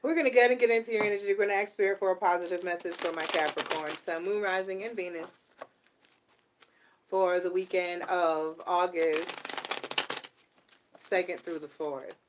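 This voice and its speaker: Woman, middle-aged, tarot reader, casual live reading, blunt, animated, swears casually. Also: lowish voice, moderate pace, background noise.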